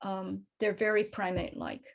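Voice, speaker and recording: A woman's voice: mid-range voice, steady tone, moderate pace, creaky, lo-fi sound. A middle-aged woman, a crow researcher, answering audience questions after her talk over a video call in a thoughtful, explanatory way. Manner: thoughtful, explanatory, careful not to oversimplify. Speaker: crow researcher and guest speaker.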